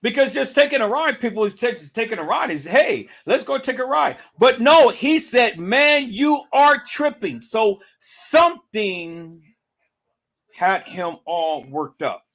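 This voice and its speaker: Guy doing a livestream breakdown, high voice, swoops up and down a lot, keeps hammering the same questions. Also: sing-song, a little slow, a bit bright. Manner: emphatic, repetitive, rhetorical questions. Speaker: livestream commentator. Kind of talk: casual livestream commentary.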